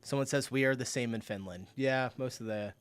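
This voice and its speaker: A man's voice: mid-range voice, fairly quick, clean tone, faint music behind. A man hosting a reaction video, chatting casually and laughing often, with bursts of disbelief. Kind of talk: casual commentary reacting to clips.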